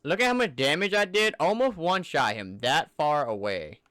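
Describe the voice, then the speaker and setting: A man's voice: fairly high pitch, animated, normal speed, fairly bright tone, no echo, clean studio sound. A man giving casual, enthusiastic commentary over gameplay footage in a loose, conversational way. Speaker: gaming channel creator.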